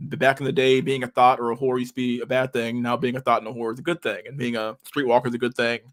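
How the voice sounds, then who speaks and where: A man's voice: mid-range voice, flat delivery, quick pace. A man in casual chat, reading messages aloud, swearing a lot and laughing often.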